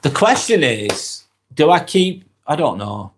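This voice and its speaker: A man with a Lancashire accent, hosting a casual live stream while he has a head cold, talking in a relaxed, earnest way and reading viewers' comments aloud. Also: a little high, unhurried, a little hiss or hum. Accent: Lancashire English. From Lancashire, England. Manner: relaxed, earnest, rambling with fillers and sighs.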